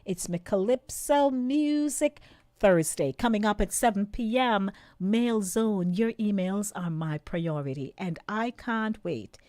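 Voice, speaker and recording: A woman with a Jamaican accent hosting a radio talk show, speaking in a lively way and slipping into patois. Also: medium pitch, takes it slowly, no echo, studio quality.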